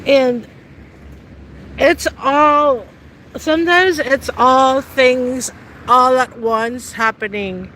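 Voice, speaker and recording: A woman's voice: high voice, very slow, sharp tone, a little hiss or hum, rough recording. A middle-aged woman in casual, teasing chat with live viewers outdoors, laughing often. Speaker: vlogger. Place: outdoors on a city street.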